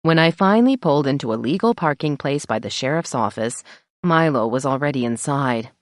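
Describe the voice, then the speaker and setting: A woman's voice: rumbling low, animated, fairly quick, no echo. A woman narrating an audiobook in first person, with a wry storytelling manner, on a close mic. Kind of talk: scripted narration.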